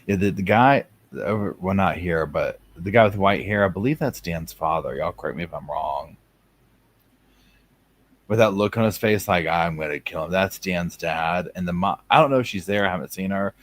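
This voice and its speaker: A man's voice: deep voice, normal speed. A man giving chatty, sarcastic live commentary over a courtroom stream, acting out what people in the room might be thinking. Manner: chatty, sarcastic, acts out people's thoughts in asides.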